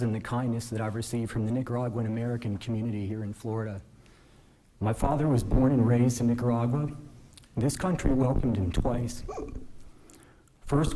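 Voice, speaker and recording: Earnest man giving a measured formal speech. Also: mid-range voice, poor audio. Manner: measured, earnest, gently self-deprecating. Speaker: newly appointed state supreme court justice. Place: courtroom at a public ceremony.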